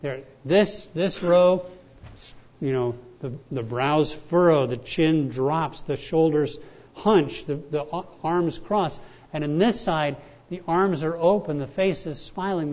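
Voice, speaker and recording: A man preaching a relaxed, conversational sermon, his voice sitting a little high for a man. He repeats his key words for weight and tells stories in a chatty way. The recording sounds dull and lo-fi. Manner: conversational, storytelling preacher with repetitions. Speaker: pastor.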